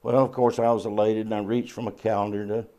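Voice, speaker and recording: A man's voice: on the low side, level tone, quick pace, dark tone. A man presenting a short devotional segment on a religious TV program, telling a self-deprecating story in a folksy manner. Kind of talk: scripted devotional talk with anecdotes.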